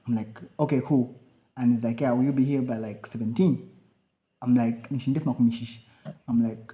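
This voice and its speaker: A man telling a rambling, animated story on a podcast, swearing freely and acting out the lines of the people in it. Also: on the high side, normal speed. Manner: animated, swearing, acts out quoted dialogue. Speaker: podcast co-host. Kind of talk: casual storytelling chat.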